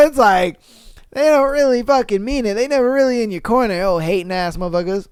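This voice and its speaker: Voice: medium pitch, brisk, darkish tone, smooth, dry recording, studio quality. A podcast host reads online posts aloud and reacts with slang, swearing and laughter. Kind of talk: casual reaction commentary reading online posts.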